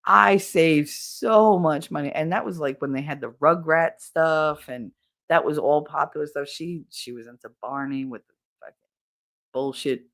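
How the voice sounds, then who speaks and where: A woman's voice: deep voice, moderate pace. A middle-aged woman hosting a podcast, telling stories in a casual livestream chat with viewers. She laughs often and swears freely. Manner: animated, laughing storyteller who swears freely. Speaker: podcast host.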